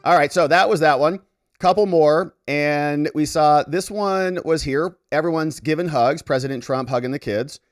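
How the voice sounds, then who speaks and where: A man's voice: a little high, moderate pace, no room sound, clean studio sound, faint music behind. A man hosting a casual commentary show, chatting and joking as he reacts to clips. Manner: animated, chatty, jokey asides. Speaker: lawyer commentator, host.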